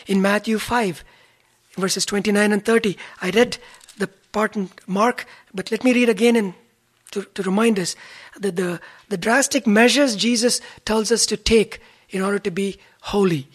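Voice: medium pitch, steady tone, normal speed, slightly rough. A preacher giving an earnest sermon, citing chapter and verse and repeating key phrases for stress.

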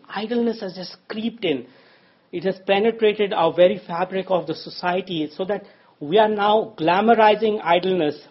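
Husky-voiced man preaching a sermon. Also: on the high side, highs cut off. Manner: conversational, with frequent fillers and restarts.

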